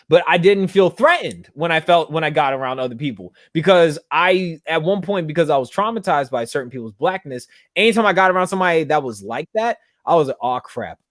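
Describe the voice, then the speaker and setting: Man, podcast host, earnest casual monologue, mid-pitched voice, dry close sound. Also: no echo. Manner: earnest, conversational, full of fillers.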